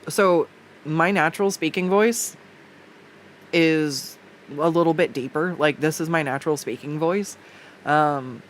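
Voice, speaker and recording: A woman's voice: low-pitched, a little hiss or hum. A woman art streamer chatting casually while she draws, rambling with lots of fillers, restarts and the odd swear, recorded on a desktop USB mic at home. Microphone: desktop USB condenser mic.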